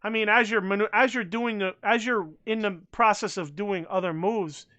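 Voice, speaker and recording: A man's voice: high-pitched, moderate pace, bright, forceful tone. A man co-hosting a wrestling podcast, talking bluntly in casual chat, swearing freely and restarting his sentences. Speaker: podcast co-host.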